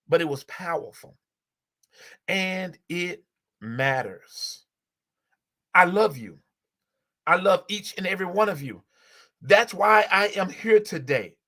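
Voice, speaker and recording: A man's voice: high-pitched, animated, slow, pauses often, sharp tone. A man hosting a live stream, giving a heartfelt inspirational talk with a preacher-like repetitive cadence and open emotion, speaking into a phone. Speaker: livestream host.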